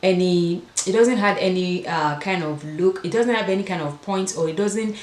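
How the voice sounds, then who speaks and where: A woman's voice: on the low side, moderate pace, roomy sound. A woman with an African accent talking casually to camera as a fashion vlogger, repeating words for emphasis. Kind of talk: casual vlog talk to camera.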